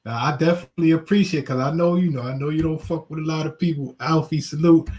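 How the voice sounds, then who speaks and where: A man's voice: a little high, fairly even intonation, fast, darkish tone, breathy edge. A man hosting a casual interview, laid-back and laughing a lot. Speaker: show host.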